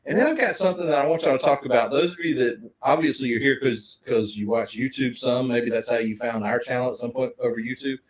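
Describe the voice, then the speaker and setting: A man's voice: mid-range voice, fast, few pauses, rough recording. Chatty man hosting a livestream. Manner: chatty, greets viewers by name, laughs often. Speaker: livestream co-host. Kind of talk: casual livestream chat.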